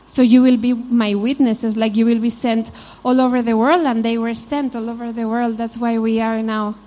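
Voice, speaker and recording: Spanish-accented woman giving a mellow sermon. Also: fairly high pitch, steady tone, normal speed. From Spain. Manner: informal, frequent "you know", storytelling asides. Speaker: Bible teacher. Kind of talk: conversational sermon.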